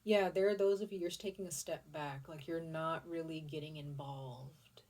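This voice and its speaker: A woman with a notably low voice gives a casual, chatty tarot reading. She rambles, restarts and swears casually. Her voice sits a little distant from the mic. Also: fairly even intonation, moderate pace, a little mellow. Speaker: tarot reader.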